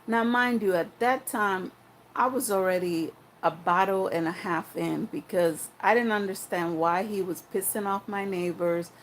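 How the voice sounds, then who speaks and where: A woman's voice: mid-range voice, steady tone, measured pace, slight background noise, poor audio. A young woman telling a personal story in a frank, rambling, profane way, full of restarts and asides.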